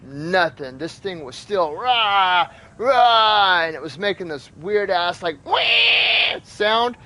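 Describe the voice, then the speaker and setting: A man's voice: fairly high pitch, unhurried. Profane man telling a wild story. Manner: profane, animated, acts out sound effects. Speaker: gaming channel host. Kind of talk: casual storytelling over gameplay.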